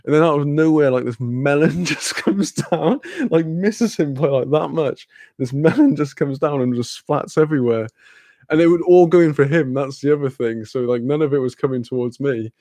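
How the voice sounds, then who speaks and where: A man's voice: a little high, normal speed, mellow, dry recording, clean studio sound. A young man, casually telling a rambling story with lots of fillers, laughter and swearing. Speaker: streamer.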